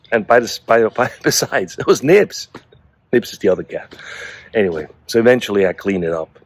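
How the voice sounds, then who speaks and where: A man's voice: fairly low pitch, animated, normal speed. A middle-aged man casually telling a story to the camera, amused and chuckling between phrases. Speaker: vlogger.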